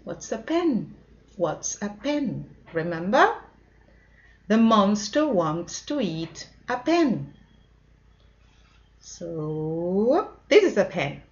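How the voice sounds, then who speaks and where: Woman, English teacher for kids, slow sing-song delivery, mid pitch, muffled lo-fi recording. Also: very animated. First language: Spanish. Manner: sing-song, mixing Spanish and English, drawn-out repetitions. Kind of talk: children's English lesson. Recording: dull lo-fi recording.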